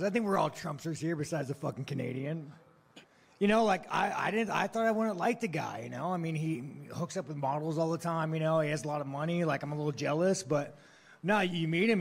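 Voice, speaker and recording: Gravelly, profane fighter trash-talking. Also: male voice, fairly high pitch. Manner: profane, blunt, provocative trash talk; mocking, laughs at his own jokes. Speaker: fighter at a post-fight press conference. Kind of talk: brash press-conference answers.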